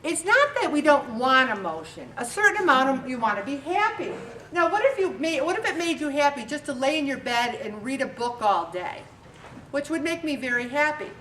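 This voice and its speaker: A woman talks in a chatty, easygoing way and acts out the things people say to her. Her voice sounds a little high. It is recorded in an echoey room from some distance, with faint noise underneath. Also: animated, moderate pace, a bit bright. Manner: chatty, acts out quoted remarks. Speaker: host. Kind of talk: casual inspirational talk.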